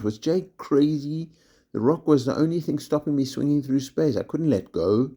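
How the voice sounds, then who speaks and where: A man, a primary school teacher, reading a children's storybook aloud in steady first-person narration. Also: fairly high pitch, moderate pace.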